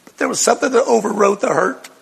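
An older male pastor preaches a heartfelt testimony in a high, gravelly, husky voice. He tells his story with strong emotion and keeps breaking into short laughs. The sound carries a long echo from the hall. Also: fast talker. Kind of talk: personal testimony sermon.

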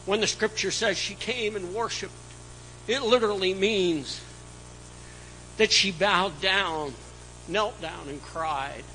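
Male pastor for a church sermon: high, bright voice, unhurried and emphatic, swinging between loud and soft. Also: a little hiss or hum, rough recording. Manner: slow, emphatic preaching with dramatic swings in loudness.

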